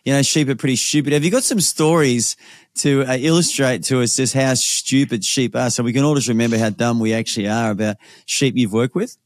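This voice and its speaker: A man's voice: mid-range voice, a little fast, dry recording, clean studio sound. A man, co-hosting a casual chat, reflective and asking leading questions. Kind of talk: casual conversation.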